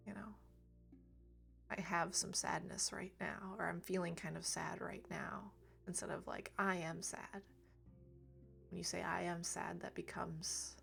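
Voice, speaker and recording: A woman speaking gently and reflectively on a livestream about emotions, laughing lightly now and then. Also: lowish voice, steady tone, takes it slowly, creaky, long pauses, faint music behind. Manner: soft, reflective, laughs lightly, drops to near whisper at times. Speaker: reiki streamer. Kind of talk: gentle spiritual talk on a livestream.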